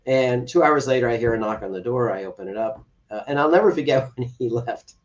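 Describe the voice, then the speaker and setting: A man recounts a personal story as a guest on a podcast, slipping into the voices of the people in it. His voice sits at a middle pitch and sounds set back from the mic, with a dull, muffled lo-fi tone. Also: fairly quick, far from the mic. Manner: animated storyteller who acts out quoted dialogue. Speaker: foster dad guest.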